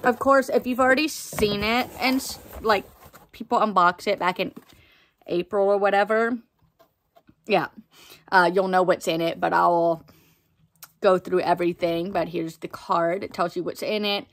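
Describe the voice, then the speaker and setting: A young woman chatting casually as she unboxes items for her book vlog, excitable and full of fillers. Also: mid-range voice, a little slow, pauses often. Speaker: book vlogger.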